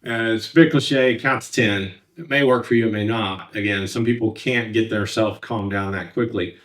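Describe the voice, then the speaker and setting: A man's voice: lowish voice, steady tone, normal speed, a bit bright, recorded from a distance. A man working as a counselor, teaching from slides in a plain conversational way, with frequent fillers and restarts. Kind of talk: slide-based lecture.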